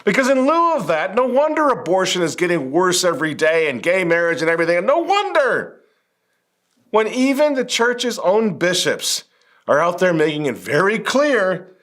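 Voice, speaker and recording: A man's voice: high-pitched, big pitch swings, normal speed, fairly bright tone. A male commentary host speaking indignantly, firing rhetorical questions straight at a bishop. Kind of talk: impassioned commentary.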